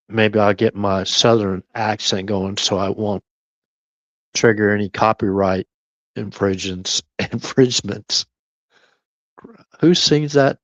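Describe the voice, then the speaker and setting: Slow, rambling live stream host. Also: male voice, on the low side, dry recording, dull audio. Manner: meandering, chuckling, talks half to himself; keeps voice down at times. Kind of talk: rambling late-night live stream chat.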